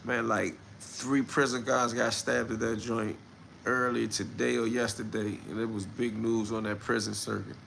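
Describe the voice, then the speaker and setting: Gravelly slangy man talking on a livestream. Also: medium pitch, little pitch movement, moderate pace, a bit bright, slight background noise. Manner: loose slangy commentary, greets viewers. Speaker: livestream host. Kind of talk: casual live-stream talk reading chat.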